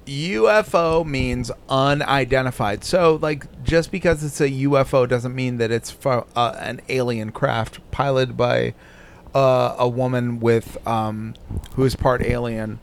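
A man hosts a podcast in loose, casual talk. He swears nonstop and lays on the sarcasm. His voice sits at an everyday middle pitch. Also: level tone, a little slow, creaky, slight background noise. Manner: crude, swears constantly, sarcastic. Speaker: podcast host. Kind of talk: casual profane commentary.

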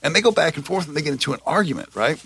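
A man hosting a podcast in loose, profanity-laced storytelling, full of "like" and restarts. His voice is raspy and bright with a fairly high, lively pitch. The sound is dry and close, with no room around it. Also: very fast, dry recording. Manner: rambling, profane, lots of fillers. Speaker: podcast host. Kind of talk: casual storytelling chat.

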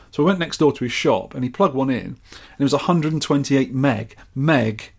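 A man's voice: mid-range voice, fast talker, breathy edge. A man from the UK chatting casually and enthusiastically as a podcast host. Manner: chatty and enthusiastic, rambling with restarts. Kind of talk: casual chat.

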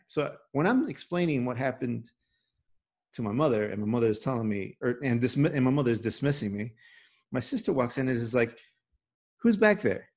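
A man hosting a podcast, telling a personal story in a casual, animated way, full of restarts and "right?". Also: mid-range voice. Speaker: podcast host.

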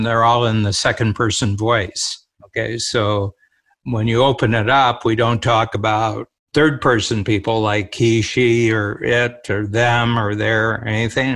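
A man's voice: on the low side, fairly even intonation, measured pace, fairly bright tone. An older man, a co-host, talking in a reflective, storytelling manner in a casual conversation.

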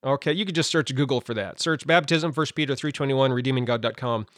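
A man's voice: mid-range voice, fast talker, fairly bright tone, dry recording, studio quality. A man hosting a podcast, explaining a Bible topic in a casual, conversational way with lots of fillers and asides. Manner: conversational, many fillers and asides, laughs at own points. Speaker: podcast host.

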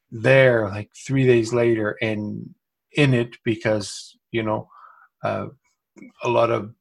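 A man hosting an interview, thoughtful and halting, with frequent restarts. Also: mid-range voice, vocal fry. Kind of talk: casual interview conversation.

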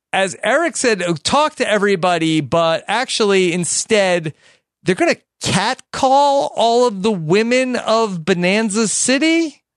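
Man, podcast host, casual recap, animated quoting, high voice, dry close sound. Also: smooth, no room sound. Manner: leads the talk, animated quoting.

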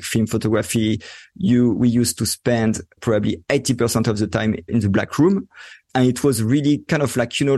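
A man from France with a French accent, chatting as an interview guest in a halting, easygoing way with frequent laughs. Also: mid-range voice, a little mellow, no echo, studio quality. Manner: hesitant, many fillers and restarts, laughs easily. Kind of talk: casual interview chat.

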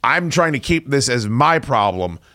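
A man's voice: medium pitch, very animated, normal speed, pushed and bright, no echo. Forties radio host guy ranting and cussing at himself, dry studio sound. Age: 40s. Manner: profane, self-mocking rant. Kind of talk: casual on-air storytelling.

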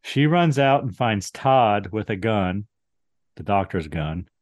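A man's voice: lowish voice, expressive, slow pace, no room sound. A man co-hosting a podcast, casually retelling a film's plot in a dry, wry way. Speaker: podcast co-host. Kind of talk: casual movie recap chat.

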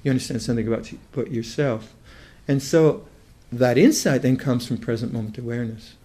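This older man, a Buddhist meditation teacher, has a warm, mid-range voice as he gives a reflective dharma talk. He is thoughtful and halting, frequently restarting what he says.

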